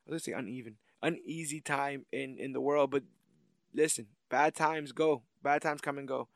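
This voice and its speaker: A man's voice: mid-range voice, steady tone, moderate pace, no echo, studio quality. A man hosting a comics podcast, wrapping up the episode with jokes and plugs in a casual, playful way. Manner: playful, joking, rambling sign-off. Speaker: podcast host.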